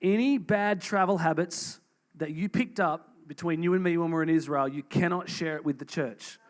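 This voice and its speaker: A man's voice: on the high side, moderate pace. A man interviewing a guest at church, upbeat and jokey. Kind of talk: onstage interview.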